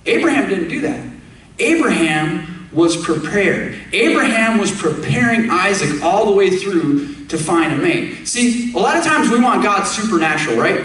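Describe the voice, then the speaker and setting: A man's voice: high-pitched, sing-song, normal speed, a bit bright, recorded from a distance. A man preaching a sermon, emphatic, putting direct questions to his congregation. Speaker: pastor. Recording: echoey room, speaker away from the mic.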